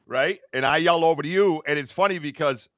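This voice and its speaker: A man hosting a casual podcast, loud and energetic, laughing often. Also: a little high, a little fast, no room sound, clean studio sound. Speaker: podcast host. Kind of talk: casual chat.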